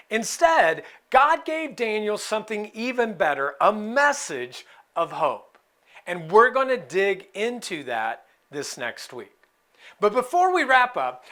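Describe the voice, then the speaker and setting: A man preaching a sermon in a conversational, expressive way, with playful asides. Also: sits high, a little slow. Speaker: pastor.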